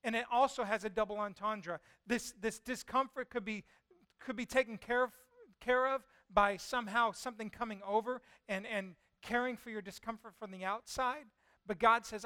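A male pastor preaching a sermon and retelling a scripture story with lively storytelling. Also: high voice, normal speed, clean tone, dry recording. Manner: lively storytelling, voicing God and Jonah in quotes.

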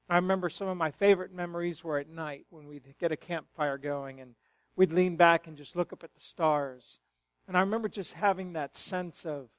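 A middle-aged male pastor giving a sermon in a church, moving from quiet, hushed storytelling to loud, fervent exclamations. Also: a little high, no room sound. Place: church sanctuary.

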